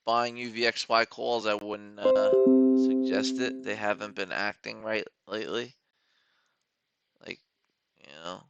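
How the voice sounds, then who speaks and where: A man's voice: lowish voice, steady tone, a little slow, vocal fry, pauses often, fairly bright tone, muffled recording, faint music behind. A man hosting a casual day-trading live stream from his home studio, rambling, joking and swearing freely as he talks through his trades.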